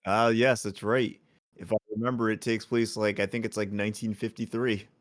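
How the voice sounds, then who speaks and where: Male podcast co-host, lowish voice, dry sound, short agreeing asides. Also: level tone, normal speed, no echo. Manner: brief agreeing interjections. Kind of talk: casual conversational chat.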